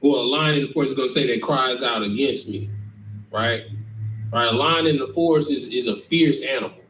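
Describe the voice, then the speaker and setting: A man with a mid-range, fairly bright voice talks fairly quickly while teaching a scripture class emphatically, repeatedly checking that listeners follow. The room is echoey, the mic distant, with faint noise.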